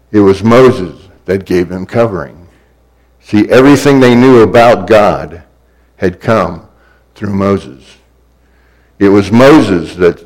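A man's voice: low-pitched, low-quality recording. A man preaching a sermon in a repetitive, building cadence that swells in places.

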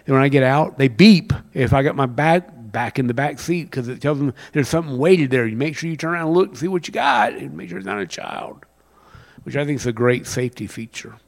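A man preaching a sermon, rising to loud emphatic passages and dropping to a near whisper. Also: mid-range voice, gravelly. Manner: reads scripture with plain conversational paraphrase. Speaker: pastor.

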